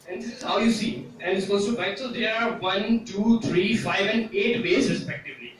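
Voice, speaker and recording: High-voiced man presenting in an echoey room. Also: moderate pace, hardly any pauses. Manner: hesitant, frequent "uh" fillers, explanatory. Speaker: student presenter. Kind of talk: classroom presentation. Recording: echoey room from a distance with faint noise.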